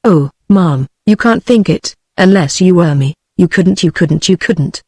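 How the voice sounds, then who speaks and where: A British woman text-to-speech voice reading the part of a gentle, feeble and miserable young man, without changing voice. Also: lowish voice, expressive, measured pace, husky, dry recording, clean studio sound. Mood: pleading. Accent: British English. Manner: plain synthetic reading, no change of voice.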